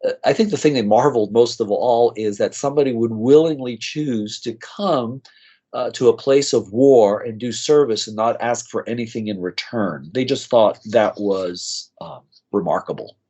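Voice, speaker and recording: An American man, a nurse practitioner, telling animated stories as a podcast guest and acting out the people he quotes. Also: medium pitch, moderate pace. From United States. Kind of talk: storytelling in an interview. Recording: slightly dull lo-fi audio.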